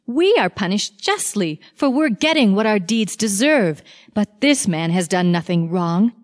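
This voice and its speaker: A woman reading the lines of a repentant male criminal in a slow scripture reading. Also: sits high, very animated. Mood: earnest.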